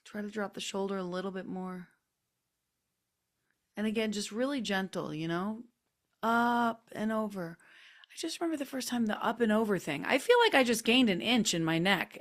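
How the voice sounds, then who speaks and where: A woman hosting a group video call, chatty and gently coaxing as she guides a neck stretch with soft, drawn-out cues. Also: medium pitch. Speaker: host leading a group session. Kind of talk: casual guided stretching instruction. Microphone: computer mic on a video call.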